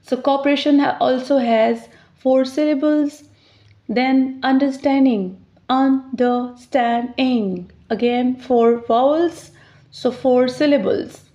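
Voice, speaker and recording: Slow, patient woman teaching pronunciation. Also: high-pitched, warm tone. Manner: slows down to sound out words clearly. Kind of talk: slow, deliberate teaching explanation. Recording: slightly dull, lo-fi sound.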